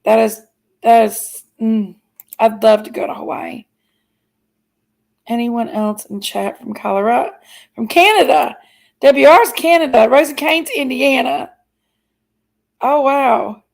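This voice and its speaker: A middle-aged woman with a voice on the high side and vocal fry hosts a casual livestream in a low-quality recording. Chatty and playful, she reads out what viewers write, stretching her exclamations long.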